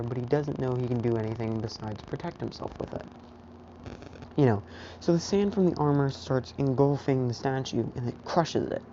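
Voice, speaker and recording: A woman's voice: very deep voice, dark tone. A woman casually narrating a fan what-if story, rambling with many fillers, on a dull lo-fi recording. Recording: dull lo-fi recording with faint hiss.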